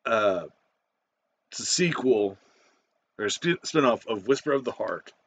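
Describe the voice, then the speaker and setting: A man's voice: lowish voice, lively intonation, measured pace, husky. A man giving a casual spoken movie review, rambling with many fillers, restarts and casual swearing.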